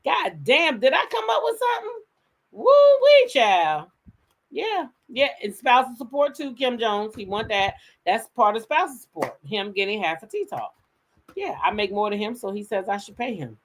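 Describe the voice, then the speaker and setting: Black lady spilling tea to her chat, voice all over the place, jumps way high when she quotes folks. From United States. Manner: animated, profane, quick jumps into loud high quoted voices. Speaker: gossip channel host. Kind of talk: casual storytelling to live chat.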